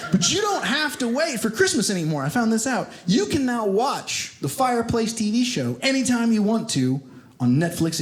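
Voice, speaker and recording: Lively high-voiced male stand-up comic. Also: background noise. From Kentucky. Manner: animated storytelling, acts out quoted voices. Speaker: stand-up comedian. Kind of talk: stand-up comedy set. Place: comedy club stage. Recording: echoey theater with loud audience laughter.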